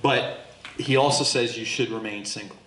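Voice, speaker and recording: A man leading a Bible study as pastor, teaching in an animated way and acting out the voices in the text to his group. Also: medium pitch, moderate pace. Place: church hall with a small group. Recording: echoey room.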